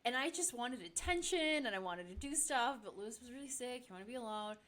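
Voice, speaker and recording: A woman's voice: a little high, lively intonation, fast talker, fairly bright tone. A woman chatting casually as a podcast guest, laughing often and using many fillers. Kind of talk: casual chat.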